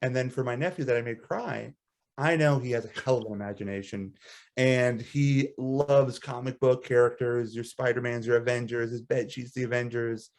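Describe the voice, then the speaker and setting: Animated man telling a story with laughs. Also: mid-range voice, moderate pace. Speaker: podcast co-host. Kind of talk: casual storytelling chat.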